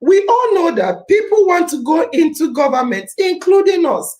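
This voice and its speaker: Impassioned Nigerian woman, high, animated voice. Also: normal speed, echoey room, rough recording. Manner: preachy, repeats phrases for emphasis, mixes in Pidgin. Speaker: podcast host. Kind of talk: impassioned civic talk.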